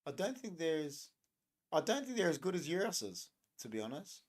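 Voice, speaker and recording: A man's voice: fairly high pitch, sing-song, normal speed. Young male streamer, loose and jokey, riffs on chat comments. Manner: rambling, joking, reacting to chat comments. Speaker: livestream host. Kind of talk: casual live-stream chat.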